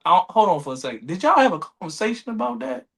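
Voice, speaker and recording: A man's voice: high-pitched, very animated, quick pace, gravelly. A man co-hosting a podcast in casual banter, slangy, with exaggerated comic outrage. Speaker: podcast co-host.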